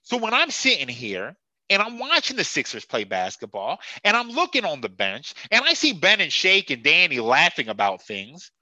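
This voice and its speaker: A man's voice: a little high, huge pitch swings, normal speed, sharp tone, no room sound. A man hosting a sports podcast who rants in a profane, sarcastic and heated way. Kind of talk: casual sports rant.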